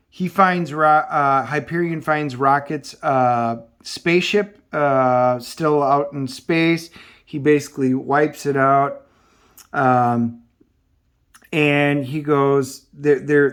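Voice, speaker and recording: A man reviewing a comic book in a casual style. He recaps the story and reads the dialogue from the panels aloud in a loose, halting way. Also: mid-range voice.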